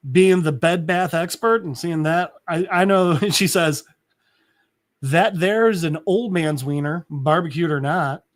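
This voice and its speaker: A man co-hosting a podcast, casually recapping a comic and acting out the characters' lines in an animated way. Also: a little high. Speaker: podcast co-host.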